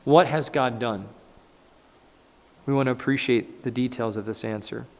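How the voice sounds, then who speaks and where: A man, a pastor, preaching a conversational, animated sermon in a church and acting out scripture. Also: mid-range voice, normal speed. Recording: echoey church hall.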